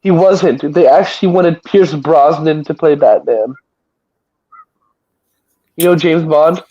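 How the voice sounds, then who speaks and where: A man's voice: on the high side, slow pace, warm tone, slightly rough, lo-fi sound. A man hosting a live stream, chatting casually about movies in a rambling way, often stammering and restarting.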